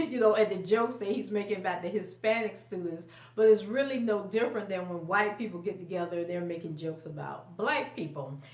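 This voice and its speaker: A woman talks through a TV episode recap in loose, chatty fashion, breaking into laughs and bumping her voice up when she quotes the characters. She sits some way from the mic, and the room around her rings with echo. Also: medium pitch. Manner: chatty, laughs often, acts out quotes in a raised voice. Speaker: TV recap vlogger. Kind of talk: casual recap talk. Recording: roomy echo, mic at a distance.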